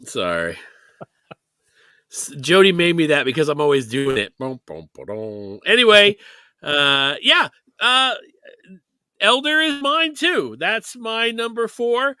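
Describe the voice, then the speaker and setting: A man's voice: high-pitched, sing-song, slow pace, long pauses, pushed and bright, clear, resonant tone, no echo. A man co-hosting a music podcast, talking in a loose, rambling way with many restarts. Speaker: podcast co-host. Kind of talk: casual chat.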